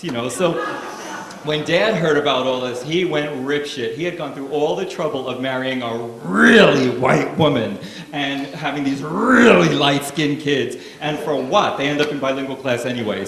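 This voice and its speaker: A man's voice: on the high side, reverberant, noisy background. A man doing stand-up, telling family stories in a wry, casual and profane way. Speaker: stand-up comedian. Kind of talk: stand-up comedy storytelling.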